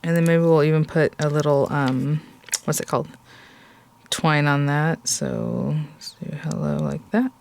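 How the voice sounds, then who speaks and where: A woman's voice: low-pitched, vocal fry. Woman, craft tutorial host, casual chatty delivery, gushing, faint hiss behind. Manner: chatty, gushing, talks to viewers while working.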